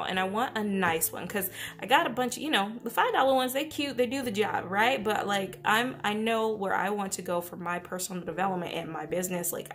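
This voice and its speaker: A woman vlogger talks excitedly and gushes, breaking off sentences and starting over. She keeps her voice low at home, sometimes nearly whispering, in a mid-pitched voice with faint music behind her. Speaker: planner vlogger. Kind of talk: casual unboxing chat. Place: at home beside a napping baby.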